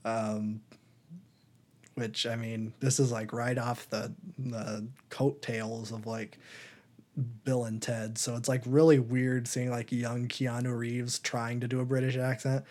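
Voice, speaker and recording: A young man rambles through a casual movie chat on a podcast, full of ums and likes. He keeps slipping into a high mocking voice to act out lines. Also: flat delivery, slow pace, a little mellow. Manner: rambling, lots of fillers, acts out silly quotes in a high voice. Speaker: podcast co-host.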